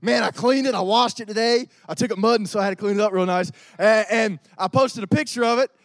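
Man acting as a loud boastful young truck guy, high voice, dry sound. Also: fast talker, no echo. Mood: bragging.

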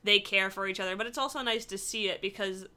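A woman's voice: mid-range voice, fast talker, bright, forceful tone. A young woman co-hosting a podcast in casual, chatty talk with thoughtful points and jokey asides. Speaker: podcast co-host. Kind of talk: casual chat.

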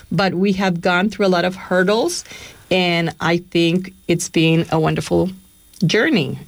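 A woman with a lowish voice speaks on a community radio show. She sounds earnest and encouraging, and the studio sound is close and dry. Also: dry recording. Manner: earnest and encouraging, addressing listeners. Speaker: radio apprentice co-host. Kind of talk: casual radio chat.

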